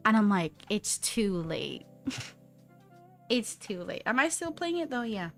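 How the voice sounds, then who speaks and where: A woman's voice: on the high side, big pitch swings, normal speed, a bit bright, faint music behind. A young woman chatting on a livestream while she draws, rambling, swearing and laughing often. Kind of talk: casual chat while drawing.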